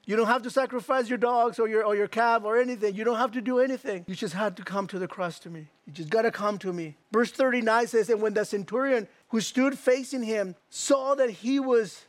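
A man preaching a sermon as pastor, reading scripture slowly and asking the listeners direct questions. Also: high-pitched, no room sound. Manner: emphatic, slows down to read scripture, asks the crowd direct questions.

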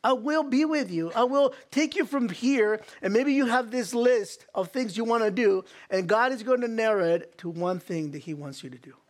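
A fairly high-pitched man preaches a church sermon as its pastor. He talks earnestly, repeats his key lines, and trips into small restarts as he goes. His delivery stays sincere and direct. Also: animated, moderate pace, hardly any pauses. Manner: earnest, repetitive preaching with restarts and acted quotes. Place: church hall.

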